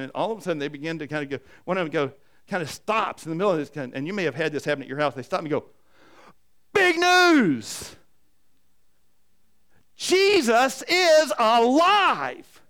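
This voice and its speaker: A man's voice: fairly high pitch, very fast, fairly bright tone. An older man, a pastor with grandchildren, preaching a sermon in a conversational way with frequent restarts.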